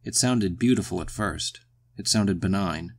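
A man reading a short story aloud in the first person, measured and brooding. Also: sits low, gravelly. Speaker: audiobook narrator.

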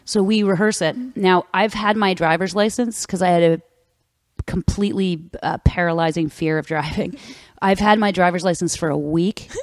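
Animated woman telling a story. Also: lowish voice, moderate pace, dry recording. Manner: animated, acts out the people in her story. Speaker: guest. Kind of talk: casual storytelling.

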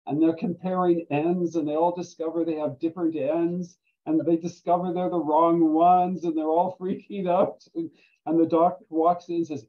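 An older man telling stories in casual talk as a guest speaker, animated and quick to laugh. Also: fairly high pitch. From Canada. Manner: animated storyteller who laughs often. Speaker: guest speaker, volunteer standardized patient. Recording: dull lo-fi recording.

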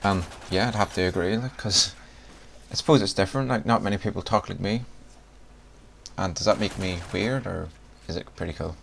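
A deep, fairly bright male voice with vocal fry moves briskly, with a little hiss or hum behind it. It belongs to a young vlogger from Northern Ireland, Northern Irish accent and all, who chats, laughs between lines and reads a word list aloud word by word for a video.

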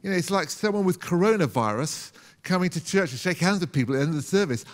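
A man's voice: high voice, lively intonation, normal speed. A man from the UK preaching a sermon as a pastor, conversational, with rhetorical questions and acted-out quotes. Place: church hall. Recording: long church hall reverb.

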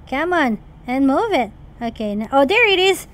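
A woman host giving casual, playful gameplay commentary, chattering excitedly to the characters in her game. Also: high-pitched, normal speed. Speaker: mom gaming channel host.

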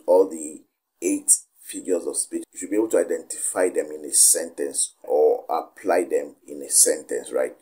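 A man's voice: extremely low pitch, dark tone, breathy edge. A man tutoring students for an exam in an informal video lesson, often tagging his points with "right?". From Nigeria. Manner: keeps asking "right?" after each point.

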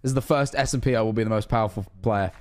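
A young man in casual gaming chat, loud, boastful and quick to laugh. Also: on the low side. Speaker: Minecraft streamer.

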